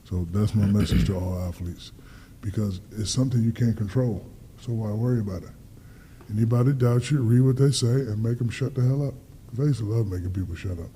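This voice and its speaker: A man in his fifties with a lowish voice talks fairly quickly over slight background noise. He's a guest athlete on a casual interview, telling lively stories, acting out the dialogue, and swearing freely.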